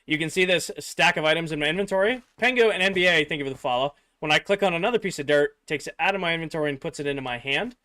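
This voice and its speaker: Racing along with few pauses, a young man streaming a game chats with viewers in a rambling, filler-laden way, responding to chat as his voice wears a little thin. The voice is somewhat high, bright, and forceful.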